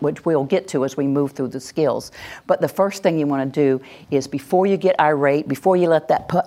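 A woman leads a parenting workshop as a live demonstration, talking plainly and then breaking into high, gushing praise. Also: a little mellow.

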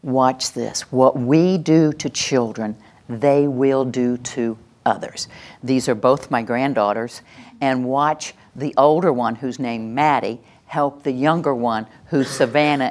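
An older woman presenting a live workshop, lively and demonstrative, acting out examples and leading the audience through exercises. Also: very deep voice. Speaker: workshop presenter on calming children. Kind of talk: live teaching talk to an audience.

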